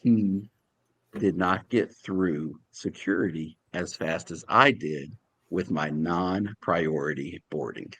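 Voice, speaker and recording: A podcast co-host with a low, husky voice and a slow pace tells a story in casual conversation. He is an animated narrator who acts out the voices of the people he quotes.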